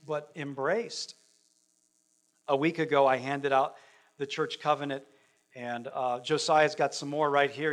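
Male pastor, slightly higher voice, earnest conversational sermon delivery, slows down on key words. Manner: earnest, conversational preaching with slow, drawn-out emphasis. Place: church sanctuary.

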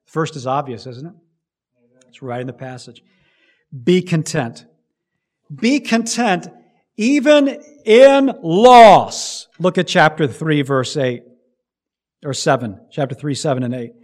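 A man preaching a sermon, emphatic, rising loud and dropping low to stress his points. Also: moderate pace, pauses often. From United States. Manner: emphatic preaching with big swings in loudness. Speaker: pastor.

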